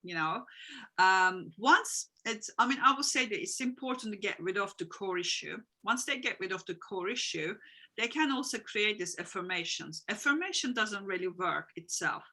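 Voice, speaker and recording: Bright-voiced woman explaining earnestly. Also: medium pitch, expressive, normal speed, low-quality recording. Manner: earnest, explanatory, repeats phrases, non-native grammar. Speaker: guest, emotional wellbeing coach. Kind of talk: interview answers.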